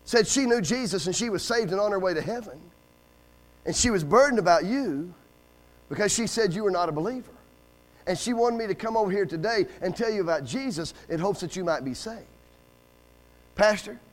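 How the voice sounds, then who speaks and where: Very high-voiced man preaching a sermon. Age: middle-aged. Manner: storytelling with acted quotes, rising to emphatic calls for amen. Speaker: guest preacher. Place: church service.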